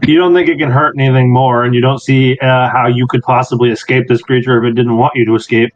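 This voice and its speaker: A man's voice: medium pitch, little pitch movement, quick pace. A man running a tabletop game as dungeon master, casual and laughing, swearing freely as he narrates. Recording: muffled recording with background music.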